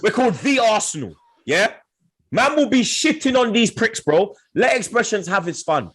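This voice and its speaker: Young guy trash talking football rivals, high husky voice, loud, keeps laughing. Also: very animated, normal speed. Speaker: football podcast host. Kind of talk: heated banter.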